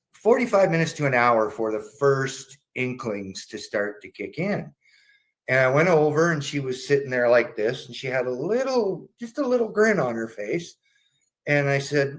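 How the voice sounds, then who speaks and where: A man casually telling a personal story, swearing freely and acting out the voices of the people in it. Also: mid-range voice. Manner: animated, acts out voices in his story, frequent restarts.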